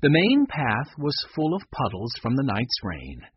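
Husky-voiced man reading a children's story. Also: medium pitch, unhurried, no room sound, lo-fi sound. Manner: lively expressive reading. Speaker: narrator.

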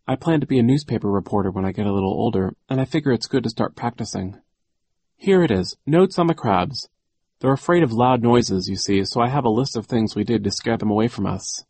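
A man's voice: medium pitch, brisk, a little mellow, husky. A man voicing a keen young boy who takes notes on everything, in a storybook reading. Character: boy orphan, eager note-taker.

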